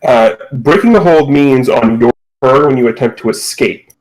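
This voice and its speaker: A man serves as game master for a tabletop game played over a voice call. He walks through rolls and rules in a relaxed, level voice at an average pitch, now and then slipping in playful asides. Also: moderate pace, low-quality recording.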